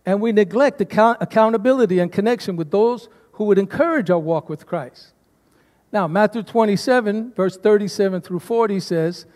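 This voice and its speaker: A pastor delivers his sermon to a congregation, prompting them to answer back. His voice sits high for a man. The sound rings with a long church reverb. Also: moderate pace, darkish tone. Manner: preaching to a congregation, calls for responses. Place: church sanctuary.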